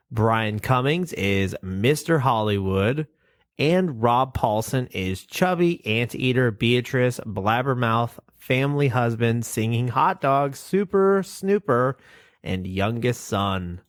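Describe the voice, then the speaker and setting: A man's voice: mid-range voice, animated, takes it slowly, dry recording, studio quality. A man with a nasal voice co-hosting a casual podcast, reading definitions and cast lists aloud and swearing casually. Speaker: podcast co-host.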